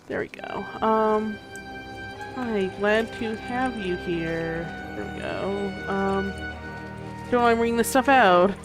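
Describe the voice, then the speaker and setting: A woman streamer chatting casually while she plays a game, meandering and hesitant, often dropping to a soft murmur as she focuses. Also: medium pitch, slow. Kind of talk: casual gameplay commentary. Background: game music.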